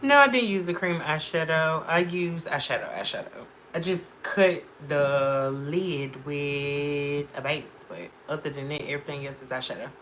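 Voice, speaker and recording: A woman's voice: low voice, normal speed, hardly any pauses, fairly bright tone, slight background noise. A woman hosting a casual makeup livestream, chatting with viewers, answering their comments and laughing often.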